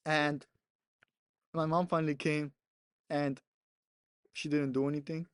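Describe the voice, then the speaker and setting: A man's voice: on the high side, flat delivery, a little slow, clean tone, no room sound, studio quality. A young man casually telling a rambling story on a podcast, laughing often and swearing between many "like" fillers. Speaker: podcast co-host.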